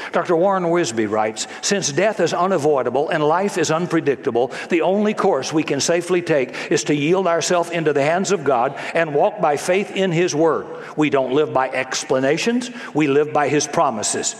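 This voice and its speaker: A man preaching in a voice pitched a little high, acting out the people he quotes with drama. His words ring through a hall with a long reverb. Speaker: pastor. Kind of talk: sermon.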